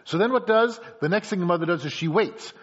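A man's voice: high voice, fast talker, breathy edge. A man preaching a sermon, acting out a story scene by scene and calling on the congregation. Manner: animated, acts out scenes, addresses congregation. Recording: dull lo-fi sound.

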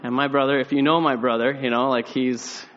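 A young adult man preaching, telling a personal story with animated delivery and acted-out voices, then dropping to a quiet, reflective tone. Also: medium pitch, brisk, a little hiss or hum. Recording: muffled sound in a large reverberant hall.

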